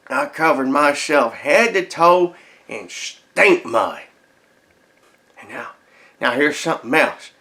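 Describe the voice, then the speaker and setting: An actor playing a dim-witted, boastful adult grandson who tells a rambling folksy tale with stammered restarts. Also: male voice, on the high side, a bit bright. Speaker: comedy character telling a story to his grandmother. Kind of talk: comedic storytelling monologue.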